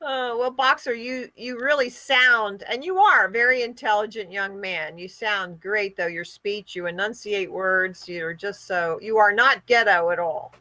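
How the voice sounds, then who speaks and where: A woman leads an online group call at a deliberate, unhurried pace. Her voice is bright and high, and she sounds close and dry, with no room around it. She talks earnestly, as if laying out points one by one. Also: dry recording. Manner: slow, earnest, lecturing. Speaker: host of an online hangout. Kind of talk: casual group chat.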